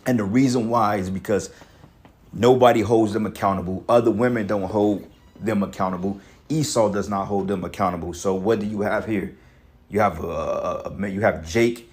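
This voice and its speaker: A man's voice: fairly low pitch, steady tone, moderate pace, a little mellow. A man commentating on a video clip in an angry, profane rant, emphatic and full of restarts. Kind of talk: heated reaction rant.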